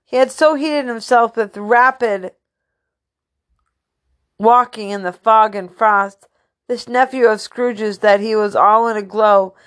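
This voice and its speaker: A woman reading a classic story aloud, unpolished, with slips and restarts. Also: on the high side. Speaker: reader.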